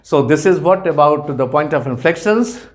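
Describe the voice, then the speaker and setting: A man's voice: on the high side, animated, moderate pace. Methodical math tutor, man. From India. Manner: methodical, repeats each point. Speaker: economics tutor. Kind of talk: math lecture.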